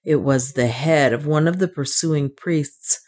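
A woman narrating an adventure novel as an audiobook in a measured storytelling manner. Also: low voice, darkish tone. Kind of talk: scripted narration.

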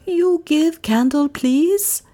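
A woman's voice: sits high, mellow, pitched above the performer's own voice. A woman doing a timid, pleading male butler. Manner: halting, pleading, clipped short phrases. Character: timid frightened male butler in broken English.

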